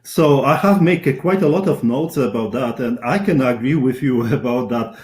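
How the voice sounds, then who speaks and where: A male interviewer talks in a halting, searching way, restarting his phrases and laughing easily. His pitch is an ordinary middle range for a man. The sound rings with room echo. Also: darkish tone. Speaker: interviewer, host. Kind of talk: casual interview chat. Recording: echoey room.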